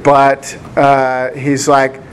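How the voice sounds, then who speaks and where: A man's voice: mid-range voice, monotone, drawn-out words, slight background noise. An American man giving a casual Bible teaching, chatty and rambling, with frequent laughs. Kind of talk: casual sermon with anecdotes.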